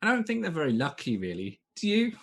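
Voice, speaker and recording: A man's voice: on the high side, wildly swooping pitch, fast, breathy edge, pitched above the performer's own voice, full character voice. A man voicing a small, sly male halfling knife fighter with a dry, offhand manner. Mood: wry.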